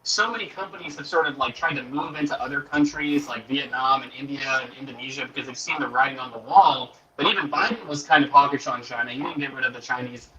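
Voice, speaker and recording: A man's voice: medium pitch, fast talker, hardly any pauses, bright, forceful tone, dull audio, a little hiss or hum. A man explaining economics in a casual panel chat, rambling with hedges, on a poor microphone. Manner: rambling, hedging with fillers. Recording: poor distant mic.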